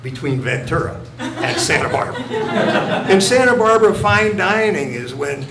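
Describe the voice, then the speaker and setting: An older man doing stand-up comedy in a mock-innocent, deadpan storytelling manner on a club stage with a handheld mic. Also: high-pitched, normal speed. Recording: echoey club with audience noise.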